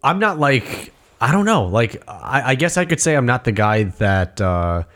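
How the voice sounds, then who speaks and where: A young man with a New York accent, telling stories in a casual chat, animated, laughing often and swearing freely. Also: mid-range voice, moderate pace.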